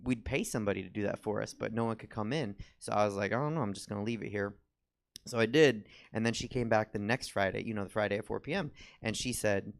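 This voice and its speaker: Low gravelly guy doing standup, rambly self-deprecating storytelling. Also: fairly even intonation, a little fast. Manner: rambling self-mocking delivery with acted quotes. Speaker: stand-up comedian. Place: comedy theater stage.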